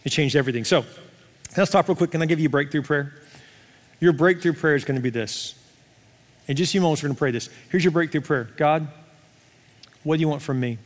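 A middle-aged male pastor preaching with a fairly high voice, chatty and animated, firing questions at the congregation. His words ring out with a long reverb from a large church hall. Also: fast talker, pauses often. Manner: conversational, animated, asks the crowd questions. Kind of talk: sermon.

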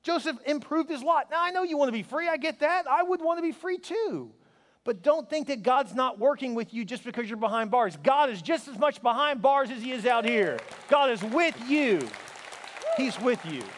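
A man's voice: extremely high pitch, lively intonation, normal speed, a bit bright, a faint crowd. A man preaching a sermon as a pastor, emphatic and exhorting, with playful asides. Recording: long reverb of a large hall.

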